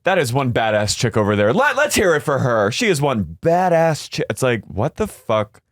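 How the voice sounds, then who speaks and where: A man's voice: mid-range voice, moderate pace, no echo, studio quality. A young man co-hosting a podcast, chatting and joking through a reality show recap. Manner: animated, imitates people in exaggerated voices. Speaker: podcast co-host. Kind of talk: comedic recap chat.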